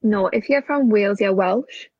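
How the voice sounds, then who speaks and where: A woman's voice: medium pitch, moderate pace, dark tone, husky, no room sound, lo-fi sound. A young woman from Newcastle in England with a Geordie accent, chatting casually on a podcast, a bit shy and giggly. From Newcastle area, England. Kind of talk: casual chat.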